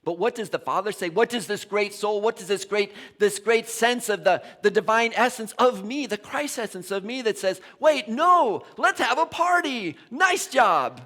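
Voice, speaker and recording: A middle-aged male minister gives a conversational sermon, telling the story animatedly and frequently repeating and restarting his words. His voice is high-pitched, at a moderate pace with few pauses.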